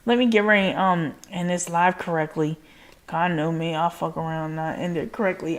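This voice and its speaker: A woman's voice: fairly low pitch, a little fast. A woman hosting a casual livestream chat, talking loosely with lots of "like" and swearing, and gushing thanks to her viewers. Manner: casual, frequent swearing and filler "like". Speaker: livestream host.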